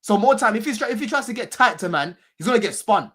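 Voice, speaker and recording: Husky-voiced man, fan podcast co-host, blunt slangy football talk. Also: high-pitched, expressive, fast, pushed and bright. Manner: slangy, swearing, repeats phrases. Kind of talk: casual banter.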